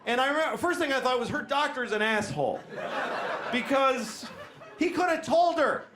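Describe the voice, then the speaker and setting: A man's voice: extremely high pitch, very animated, normal speed, noisy background. A man in his forties doing a crude, self-deprecating stand-up set in a comedy club. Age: 40s. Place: comedy club with a laughing crowd.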